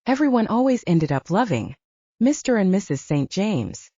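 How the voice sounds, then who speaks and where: A woman voicing a smooth, confident young man with a wry edge. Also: mid-range voice, sing-song, normal speed, dark tone, dry recording. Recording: dull dry audiobook recording.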